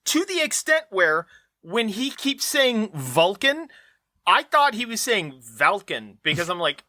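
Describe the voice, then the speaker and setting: A podcast co-host man ranting in casual chat, his pitch leaping around as he fires off incredulous questions. His tone is bright and edged. The sound is close and dry, with no room around it. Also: normal speed, no echo. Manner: incredulous, animated rants with rhetorical questions.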